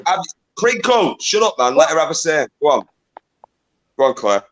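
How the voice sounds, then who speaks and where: A man hosting a live stream, repeating himself as he tries to calm a fight. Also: fairly high pitch, moderate pace, over a noisy crowd. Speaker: stream host. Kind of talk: moderating a heated live stream.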